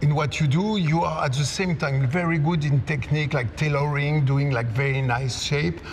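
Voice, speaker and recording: A man's voice: on the high side, steady tone, normal speed. Enthusiastic admiring man in a hall. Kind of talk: interview with a designer. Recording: reverberant hall, faint noise.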